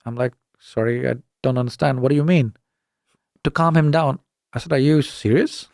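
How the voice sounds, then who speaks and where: A middle-aged man from the UK, telling a story as a podcast guest, animated and indignant as he acts out the dialogue. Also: mid-range voice, normal speed, creaky, no echo, studio quality. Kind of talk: casual storytelling interview.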